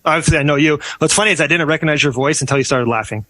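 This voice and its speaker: A man's voice: a little high, racing, sharp tone. A man who is a guest on a podcast, chatting casually over a video call, who tends to stutter and repeat his words. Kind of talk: casual conversation.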